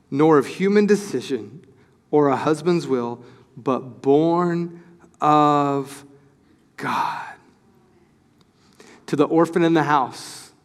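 Pastor, male, high voice, lively sermon delivery, long church reverb. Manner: animated, acts out quoted voices, excited.

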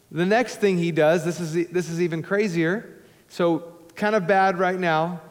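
A male pastor preaching a sermon to a congregation, emphatic and conversational with joking asides, swinging between loud urging and hushed low tones. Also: steady tone, a little slow. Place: church sanctuary before a congregation. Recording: long hall reverb in a church.

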